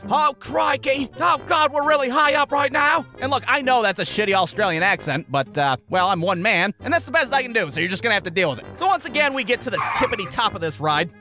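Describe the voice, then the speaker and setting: Lively, high-voiced sarcastic young man. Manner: sarcastic, animated, swears a lot, acts out voices. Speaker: comedic storyteller. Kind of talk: comedic storytelling, profane rants.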